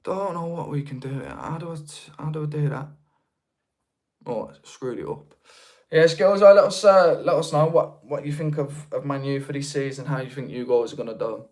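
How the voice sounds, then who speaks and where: A young man with a broad Birmingham accent talks loosely to his livestream viewers, often restarting his sentences. His voice sits a little higher than most men's. He speaks in a casual, unpolished way. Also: normal speed, a little mellow. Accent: Birmingham (Brummie). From Birmingham, England. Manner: chatty, rambling, with many restarts. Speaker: livestream host. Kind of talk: casual live chat reading viewer comments.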